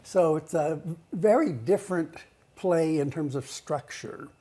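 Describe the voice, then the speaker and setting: A man's voice: on the high side, measured pace, warm tone. A man, a play director, guesting in a TV studio interview, thoughtful and a bit hesitant. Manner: hesitant, thoughtful, restarts often.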